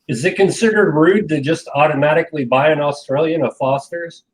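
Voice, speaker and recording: A man co-hosting a casual podcast chat, cracking dry jokes and tossing in quick questions. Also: on the high side, rough recording. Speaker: podcast co-host.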